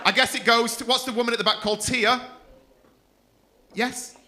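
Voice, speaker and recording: A man's voice: very high-pitched, fairly even intonation, normal speed, pushed and bright. A man hosting a comedy club night, swearing freely and teasing audience members. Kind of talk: stand-up crowd work.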